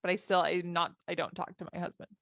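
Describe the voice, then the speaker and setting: A woman life coach telling a personal story to her audience in a lively, conversational way, acting out her own thoughts. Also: lowish voice, fast talker, creaky, no room sound. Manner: animated, acts out her own thoughts in quotes.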